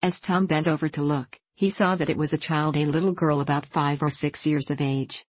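A woman narrating an adventure story aloud in a steady, measured way. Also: low voice, no echo. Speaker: audiobook narrator. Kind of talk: scripted narration.

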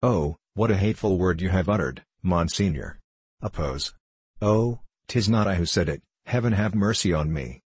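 A man's voice: sits low, expressive, moderate pace, a little mellow, breathy edge, no room sound. A man reading the part of an anxious master tailor, agitated and pleading.

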